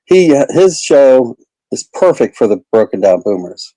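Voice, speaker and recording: Comedian guy chatting away on an interview, mellow warm voice, dry sound. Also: mid-range voice, very animated, unhurried, dry recording, low-quality recording. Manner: rambling, chatty, lots of fillers. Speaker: comedian guest. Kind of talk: casual interview chat.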